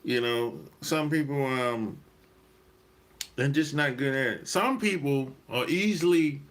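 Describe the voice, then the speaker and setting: A man hosting a dating-advice channel, talking in a relaxed, rambling monologue, repeating his points and laughing often. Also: medium pitch, takes it slowly. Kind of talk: casual monologue.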